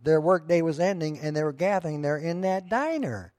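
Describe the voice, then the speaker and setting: A man's voice: on the high side, animated, fairly quick, a little mellow, no echo. A pastor preaching a sermon to his church, telling a story in a conversational way that rises to emphatic moments.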